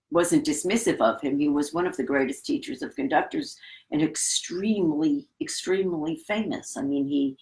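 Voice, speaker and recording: A woman's voice: deep voice, a little mellow, poor audio. A middle-aged woman, a conductor, telling a reflective anecdote in a casual interview. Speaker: guest, orchestra conductor.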